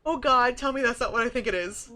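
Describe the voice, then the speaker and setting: Bright, excitable young woman streamer. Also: a little high, quick pace, soft background music. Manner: loud, swearing reactions and excited shrieks. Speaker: streamer playing and voicing a game. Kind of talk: casual gameplay commentary with voiced reading.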